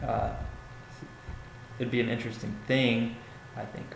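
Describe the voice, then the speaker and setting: A man's voice: medium pitch, level tone, a little slow, vocal fry. A young man giving a classmate casual spoken feedback on a paper, hesitant, with many fillers and restarts. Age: young adult. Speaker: student giving peer feedback. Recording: echoey room with faint ambient noise.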